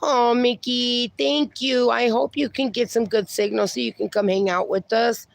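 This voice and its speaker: A woman livestreaming in a casual, chatty way, talking to her dogs and to her viewers, her voice going hoarse. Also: a little high, fairly even intonation, normal speed, no echo. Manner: chatty, talks to her dogs and reads viewer comments aloud.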